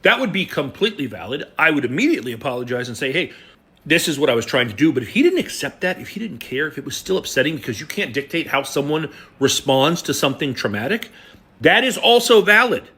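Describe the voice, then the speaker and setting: A man's voice: on the high side, sing-song, fast talker, sharp tone. A man giving blunt, profane commentary, telling a story before turning angry. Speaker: online commentator.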